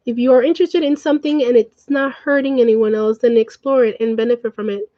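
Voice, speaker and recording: A woman vlogger ranting in casual chat, rambling and swearing, swinging quickly between feelings. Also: a little high, steady tone, lo-fi sound. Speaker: live-streaming vlogger.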